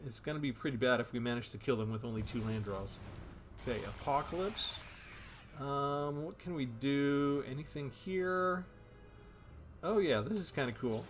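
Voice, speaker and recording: A man's voice: mid-range voice, normal speed, a little hiss or hum. A man giving casual commentary on a card game he is playing, thinking aloud about his moves.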